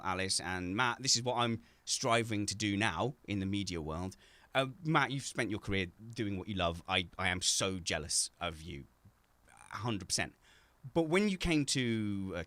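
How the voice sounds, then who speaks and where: A man's voice: lowish voice, pushed and bright, no room sound. A man hosting a casual video-call chat from home, joking and teasing, with frequent stumbles and restarts. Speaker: host.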